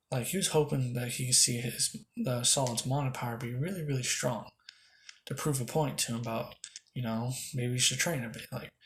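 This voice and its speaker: Brief: young male storyteller, improvised and rambling, mid pitch, close mic. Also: a bit bright, a little hiss or hum. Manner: rambling, lots of fillers and restarts. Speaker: fan storyteller. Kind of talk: improvised fan-fiction storytelling.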